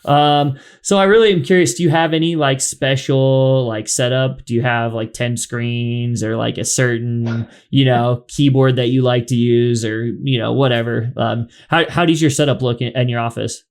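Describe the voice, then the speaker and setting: A man's voice: mid-range voice, steady tone, moderate pace, few pauses, clear, resonant tone. A man hosting a podcast in casual chat, rambling with lots of fillers. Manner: rambling, filler-heavy, chatty. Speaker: podcast host.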